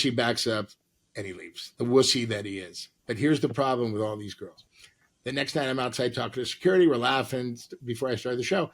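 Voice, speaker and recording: A man, an actor and comedian, telling lively stories as a podcast guest and acting out the people in them. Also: mid-range voice, a little fast. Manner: lively, acts out voices in his stories. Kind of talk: animated storytelling.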